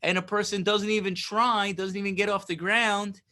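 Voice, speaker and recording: A man's voice: high-pitched, flat delivery, moderate pace, bright, forceful tone. A man teaching a Torah lesson, reading Hebrew phrases and explaining them in casual English, often checking in with "right?".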